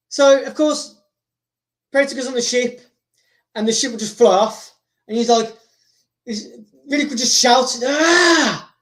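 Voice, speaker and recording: A man hosting, rambling excitedly through a story told casually, with frequent repeats and restarts. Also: very high-pitched. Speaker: host. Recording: roomy echo.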